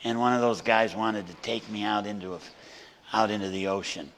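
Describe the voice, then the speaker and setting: A man preaching a sermon as a guest pastor in a church, moving between hushed storytelling and loud, emphatic preaching. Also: lowish voice, fairly even intonation, brisk, in a large hall, slight background noise. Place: church sanctuary.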